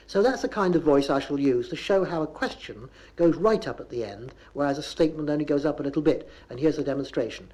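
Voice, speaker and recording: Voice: medium pitch, quick pace, hardly any pauses, darkish tone, poor audio. A comic performer with a Bristol accent giving a mock lecture on local speech, on a 1970s comedy record. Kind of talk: comic talk on dialect.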